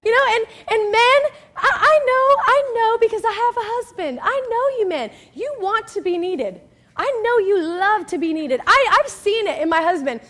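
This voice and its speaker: A woman's voice: very high voice, expressive, normal speed, a bit bright. A woman pastor giving a chatty, emphatic sermon, often checking in with the crowd and acting out little scenes. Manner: acts out quoted people in story.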